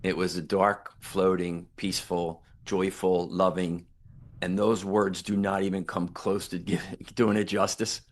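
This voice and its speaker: A very deep, low male voice carries this older man's storytelling. He speaks earnestly and reflectively, leaning into the quoted lines he recalls. It sounds like a sincere podcast interview guest. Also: little pitch movement, unhurried. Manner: earnest, reflective, retells dialogue with emphatic quotes. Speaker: guest, near-death survivor and author.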